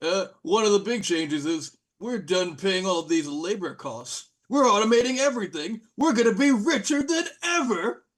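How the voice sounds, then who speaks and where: Cocky, gloating robotic trolls, as a man puts them on, boasting in a voice pitched well above his own. They laugh at their foes from high up. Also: expressive, normal speed, few pauses.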